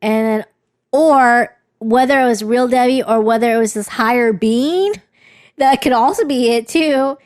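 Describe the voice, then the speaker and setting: A young woman's fairly high voice, unhurried, carries a personal story on a podcast she co-hosts. It's casual chat, candid and rambling with frequent restarts, captured at studio quality with no echo.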